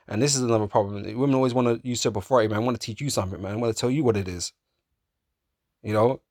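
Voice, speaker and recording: A man preaching in a casual, profane way, often laughing, calling listeners man and bro, and reading scripture slowly in old-fashioned wording. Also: medium pitch, darkish tone, no echo, clean studio sound. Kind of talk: street-style sermon, reading scripture.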